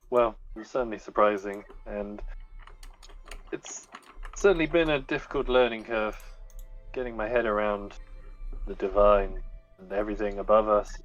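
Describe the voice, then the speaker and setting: A man playing a gruff seasoned adventurer. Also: lowish voice, muffled recording, lightly acted. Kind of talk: tabletop role-play in character.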